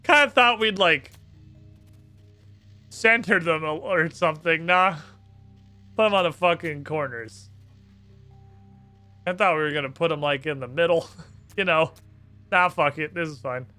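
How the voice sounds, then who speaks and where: A man's voice: on the high side, measured pace, long pauses, sharp tone, smooth, soft background music. A man streaming a video game, cursing and talking sarcastically to himself as he plays. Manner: profane, sarcastic, talks to himself. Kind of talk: live gameplay commentary.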